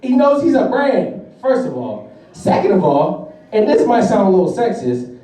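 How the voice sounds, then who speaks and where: A man's voice: high voice, very animated, moderate pace, dark tone. A young man performing a profane, laughing stand-up comedy routine. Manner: brash, profane, laughing through jokes. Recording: echoey room from far off.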